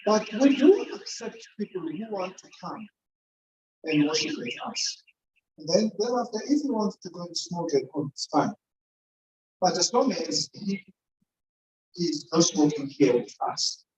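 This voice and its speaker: A woman's voice: lowish voice, animated, a little slow, pauses often, darkish tone, slight background noise. Woman talking in an echoey church. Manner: chatty, keeps quizzing the congregation. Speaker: church speaker. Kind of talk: informal sermon-style talk. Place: church hall. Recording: echoey, dull, distant church recording.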